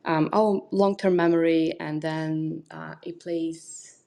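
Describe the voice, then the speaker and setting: Low gravelly woman, hesitant coach. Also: steady tone, slow pace, mellow. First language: Russian. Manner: hesitant, many ums, thinking aloud. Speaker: guest mindset coach. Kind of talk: casual podcast talk. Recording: Clubhouse audio room.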